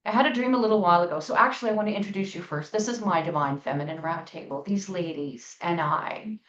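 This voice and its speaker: A middle-aged woman talks casually about spiritual things, hitting her points hard and drawing key words out slowly. She sits back from the mic in a reverberant room, and the sound is a little muffled. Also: on the low side, far from the mic. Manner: storytelling, emphatic, with slow drawn-out stresses. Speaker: spiritual podcast host.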